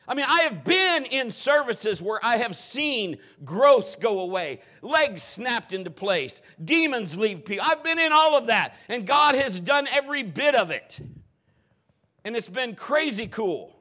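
A middle-aged man preaching to his congregation, swapping sermon points for funny personal stories. His voice sits high and rings bright and forceful. He talks like an animated storyteller who likes to joke. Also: moderate pace. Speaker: pastor.

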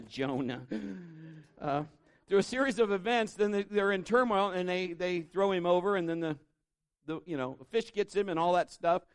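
A pastor with a notably high voice delivers a sermon at a church service. He preaches conversationally and tells animated stories, leaning into the congregation. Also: dry recording, studio quality. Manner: conversational, animated storytelling with acted-out quotes.

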